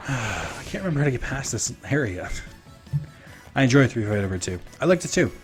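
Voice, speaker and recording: A man's voice: mid-range voice, normal speed. A young man casually streaming a game, rambling to chat with lots of fillers. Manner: rambling, filler-heavy, relaxed. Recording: game music behind.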